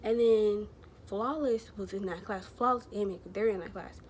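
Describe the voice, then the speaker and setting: A woman's voice: mid-range voice, normal speed, a little mellow, a little hiss or hum. A woman vlogger telling a personal story to camera, rambling and chatty, full of fillers and slang.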